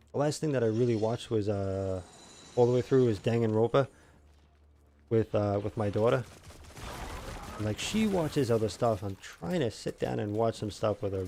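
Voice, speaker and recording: A man's voice: mid-range voice, vocal fry, mellow, a little hiss or hum. A man streaming a video game, chatting casually with viewers, self-mocking and rambling with lots of fillers. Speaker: gaming streamer. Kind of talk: casual live-stream chat while gaming.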